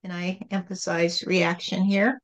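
A woman channeling God as a calm, patient spirit, speaking in a gentle, repetitive teaching tone. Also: on the low side, measured pace, muffled recording, lightly acted.

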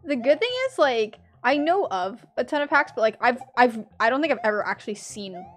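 A woman streaming a platform game, chatting with her viewers, laughing a lot and yelling loudly when she fails. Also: on the high side, animated, a little fast, faint music behind. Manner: chatty, laughs often, bursts into loud yells at failures. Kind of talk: casual live-stream commentary.

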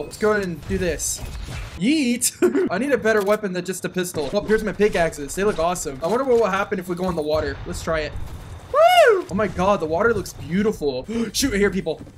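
A man hosting his own gaming channel, giving excitable let's-play commentary and whooping and yelling as he plays. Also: sits high, slight background noise.

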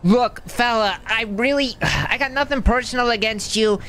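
A man's voice: very high voice, normal speed, pushed and bright. A man playing his character in a joking online role-play game, teasing and bantering with other players. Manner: joking, plays a mock Canadian with "eh".

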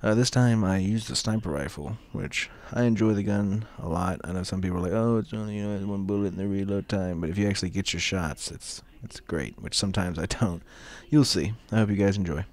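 A young man hosting a gaming video, giving casual commentary while he plays and loudly swearing at opponents. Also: low voice, brisk, hardly any pauses. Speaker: gaming channel host. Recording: noisy home recording with game clicks.

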